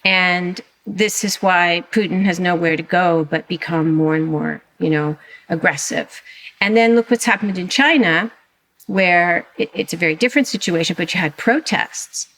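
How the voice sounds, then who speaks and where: Animated woman, low voice. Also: moderate pace. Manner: animated, emphatic, frequent restarts. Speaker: guest historian and author. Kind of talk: conversational interview.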